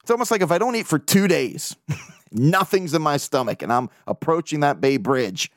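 A man's voice: fairly high pitch, expressive, normal speed, dry recording, clean studio sound. A man hosting a casual solo podcast, rambling and joking, swearing freely as he talks. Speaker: podcast host.

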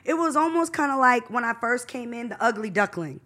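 A woman in her thirties holds forth as a guest on a podcast, loud and animated, often talking over the others. Her voice sits a bit high and has a bright, sharp edge. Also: a little fast. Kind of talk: casual podcast chat.

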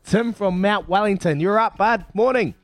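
A man with a New Zealand accent hosting a breakfast radio quiz, brisk and matey as he reads questions and counts down. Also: high voice, dry recording, clean studio sound. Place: radio studio. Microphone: studio microphone.

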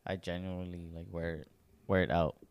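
A young man co-hosting a podcast, chatting casually in an animated, emphatic way and swearing freely. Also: deep voice, fairly quick, clean tone, no echo. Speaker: podcast co-host. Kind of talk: casual chat.

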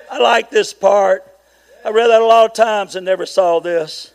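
A man preaching a fervent sermon, shouting and calling on the congregation to respond. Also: sits high, steady tone, normal speed, creaky, poor audio.

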